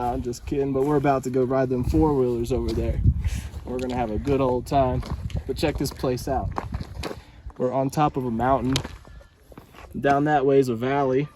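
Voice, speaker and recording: A man's voice: mid-range voice, a little mellow, distant mic, a little hiss or hum. A man talks casually on camera outdoors on a mountain ranch, joking and chatty. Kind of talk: casual on-camera vlog talk.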